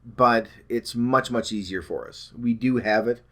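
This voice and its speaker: A man at an ordinary middle pitch, talking to camera about his weight-loss journey. He rambles, loses his thread, corrects himself with plenty of ums, and jokes about his own stumbles. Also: unhurried, bright, forceful tone. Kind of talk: casual talk to camera.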